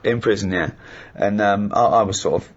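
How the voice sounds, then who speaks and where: A middle-aged man telling comic anecdotes in casual chat, animated and laughing as he acts out what people said. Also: lowish voice, normal speed, muffled recording. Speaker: comedy podcast host.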